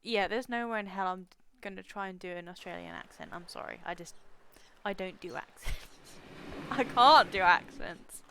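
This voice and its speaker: A woman's voice: fairly low pitch, moderate pace, vocal fry, a bit bright, clean tone. A young woman streaming a video game, chatting casually and reading its dialogue aloud, often poking fun at herself. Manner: chatty, self-deprecating, reads game lines aloud.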